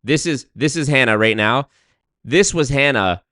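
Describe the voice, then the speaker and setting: A man reacts to a clip in a mocking, profane way, breaking into laughs and repeating lines to make fun of them. His voice is mid-pitched and recorded dry and close, with no room sound. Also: animated, normal speed, pushed and bright, no room sound. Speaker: commentary host. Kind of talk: reaction commentary.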